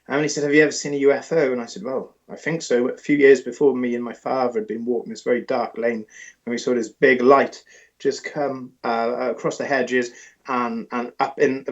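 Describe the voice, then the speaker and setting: Animated British man, lo-fi sound. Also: mid-range voice, brisk. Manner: animated, rambling with restarts. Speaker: author and paranormal investigator. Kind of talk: interview storytelling.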